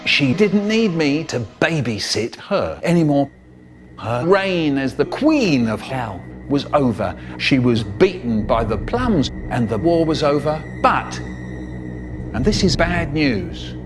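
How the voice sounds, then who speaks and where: A man telling a comic story in an expressive, dramatic and playful way. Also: mid-range voice, slow, over music.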